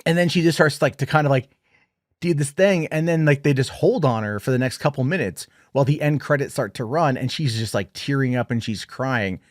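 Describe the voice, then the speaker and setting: A man giving a casual, rambling film review, retelling scenes in an animated way. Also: medium pitch, a little fast, no room sound, studio quality.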